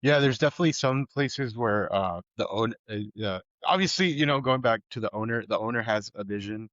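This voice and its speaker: A low-pitched man talking as a chef guest on a podcast, easygoing and chatty. His voice comes through a little dull and lo-fi, with a dry, close sound. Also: brisk, no echo. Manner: relaxed, laid-back talk with easy laughs. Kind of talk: casual podcast chat.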